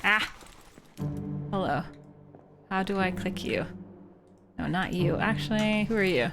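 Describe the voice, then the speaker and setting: A woman's voice: medium pitch, slow pace, pauses often. A woman from Canada, streaming a game live and chatting playfully with her viewers. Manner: animated and joking, talks to chat. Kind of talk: casual live-stream gameplay commentary.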